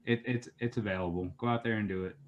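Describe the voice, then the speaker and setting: A man's voice: lowish voice, steady tone, quick pace, lo-fi sound, slight background noise. A man speaking as a guest on a webcast, laid-back and swearing casually. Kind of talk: casual chat.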